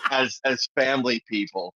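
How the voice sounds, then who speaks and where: A man's voice: mid-range voice, moderate pace, lo-fi sound, heavy background noise. A man from Wisconsin with a Wisconsin accent, calling in to a stream and defending his local way of speaking with swearing and laughter. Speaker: call-in guest. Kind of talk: casual chat.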